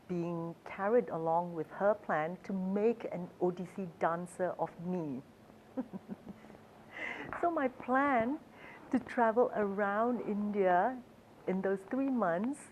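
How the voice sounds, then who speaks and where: A woman's voice: lowish voice, slight background noise, poor audio. A woman who is a travel author, telling stories in a chatty, hesitant way with fillers and frequent laughs. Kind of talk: storytelling talk.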